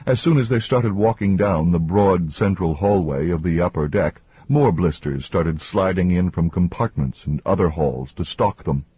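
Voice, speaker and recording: A man reads an audiobook in an even, measured way. His voice is very low and deeply husky, almost breathy. The recording is close and dry, with a slightly dull top end. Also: no echo. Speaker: audiobook narrator. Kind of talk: scripted narration.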